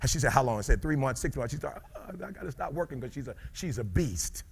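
A middle-aged man giving a live motivational speech, dropping to low murmurs and rising to shouted peaks, calling out to the crowd. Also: lively intonation, quick pace, vocal fry, husky. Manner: preacher-like call and response with the crowd. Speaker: motivational speaker.

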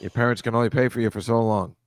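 A man's voice: mid-range voice, fairly even intonation, quick pace, dry recording, studio quality. A middle-aged comedian on a live stream, laughing often as he tells rambling stories. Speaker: comedian guest. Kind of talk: casual chat on a live stream.

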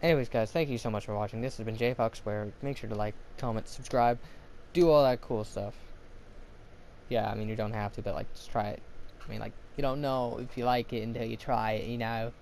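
A man's voice: mid-range voice, fairly even intonation, brisk. Goofy let's-play man, noisy background. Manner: goofy, talks to himself, jokey mock accents; bursts into loud panicked yelling. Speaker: gaming video host. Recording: clear background noise.

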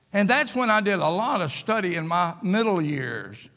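A man's voice: high-pitched, lively intonation, moderate pace, a bit bright, big-room sound. An older man preaching a sermon in a church, telling a story in a folksy, emphatic way with repeated phrases. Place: church sanctuary.

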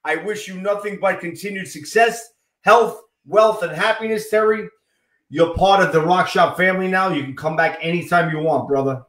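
A high-pitched man with a New York accent hosts a rock interview in easy, joking banter. His voice rings in a roomy space, and he keeps tossing in a catchphrase. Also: normal speed, a bit bright. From Queens, New York. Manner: joking, keeps saying "forget about it". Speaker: host. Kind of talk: casual interview chat.

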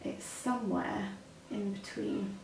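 A woman's voice: mid-range voice, steady tone, slow pace, gravelly, a little mellow, a little hiss or hum. A woman with a British accent, a makeup artist chatting through each step as she works. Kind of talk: makeup demonstration. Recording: echoey room, mic a bit far.

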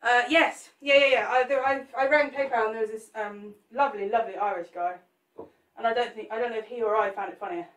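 A woman demonstrates a live cake sculpt, chatting and joking with viewers as she works. She speaks fast in a bright voice on the high side, off the mic at a distance, with roomy echo.

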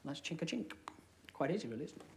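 A young British man performing comedy magic, chatting with a volunteer and dropping deadpan one-liners. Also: a little high, fast talker, gravelly. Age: young adult. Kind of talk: comic magic patter. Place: TV studio with live audience. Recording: studio audience noise behind.

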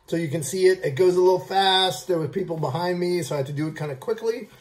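A food vlog host giving a casual, gushing candy tasting review, with halting "um"s between lines. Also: medium pitch. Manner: gushing, repeats "I love", halting fillers.

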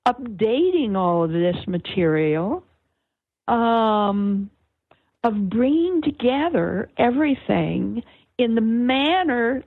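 An older woman, a guest author on an interview, explaining things in a slow, searching way with many fillers and restarts over a phone line. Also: on the high side, no room sound. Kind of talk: reflective conversational explanation. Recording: tinny phone-line sound.

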